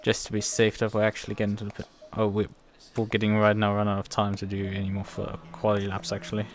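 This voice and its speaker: A man streaming a sim race, thinking aloud in a halting, self-correcting way with a German accent. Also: on the low side, monotone. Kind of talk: casual live-stream commentary.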